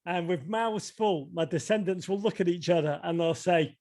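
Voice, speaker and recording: A man's voice: sits high, normal speed, hardly any pauses. A man with a Liverpool accent, an author telling stories on a video call and acting out the voices in them. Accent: Liverpool English. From England. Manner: animated, acts out quoted voices. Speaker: author reading and discussing his book. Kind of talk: casual storytelling talk.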